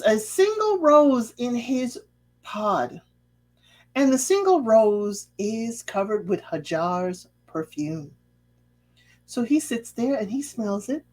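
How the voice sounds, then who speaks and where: A woman talks through a reality-show episode in a casual, gossipy way. Her voice swoops and bounces as she acts out what people said. She drops pointed, sassy asides to her listeners. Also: a little high. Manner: sassy, chatty, drops asides and rhetorical questions; acts out quoted lines in a lively voice. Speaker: TV recap host.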